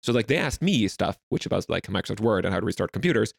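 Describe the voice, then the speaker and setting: A man's voice: lowish voice, lively intonation, fast talker, gravelly, no room sound, clean studio sound. A young Swedish man telling stories in a casual interview, rambling with lots of fillers. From Sweden. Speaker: guest.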